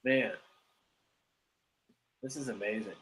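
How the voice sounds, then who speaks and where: A man co-hosting a podcast, chatting casually and telling stories with animated asides. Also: on the low side, slow pace, heavy background noise. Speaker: podcast co-host. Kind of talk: casual chat.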